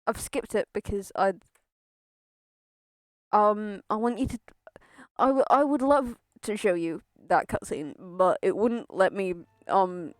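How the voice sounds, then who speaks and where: Slow-paced and medium-pitched, a young adult woman rambles through casual chatter while streaming a game, laughing and swearing a lot. The recording is dry.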